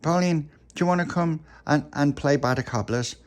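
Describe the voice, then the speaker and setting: A man's voice: on the high side, normal speed, voice pushed up, lightly acted. A man voicing a chatty, curious young boy in a homemade bedtime story, asking eager wide-eyed questions. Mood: coaxing.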